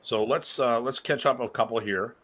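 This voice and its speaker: A man with a mid-range, fairly bright voice talks at normal speed while hosting a casual live-stream discussion as a martial arts instructor. He rambles and speaks emphatically, often launching into rants.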